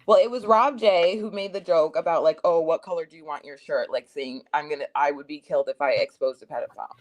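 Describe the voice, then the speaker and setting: A woman's voice: deep voice, fast, lo-fi sound. A young adult woman hosting a stream, retelling a chat argument in a casual, heated way with lots of swearing and emphasis. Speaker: streamer host.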